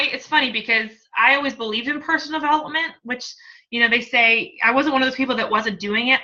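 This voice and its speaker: Bright, chatty woman sharing her story. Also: a little high, highs cut off. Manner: talkative, emotional, laughs often. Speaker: fitness coach, guest. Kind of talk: candid testimonial talk.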